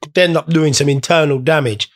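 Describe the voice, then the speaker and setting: A man's voice: on the high side, a little fast. A young man hosting a casual podcast, rambling, swearing and joking while stoned. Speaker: podcast host.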